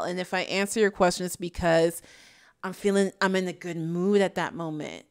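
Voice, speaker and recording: A woman's voice: on the low side, steady tone, normal speed, darkish tone, clear, resonant tone. A woman hosting a casual commentary video, chatting in a sassy way and laughing often. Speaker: YouTube commentary host. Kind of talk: casual chat.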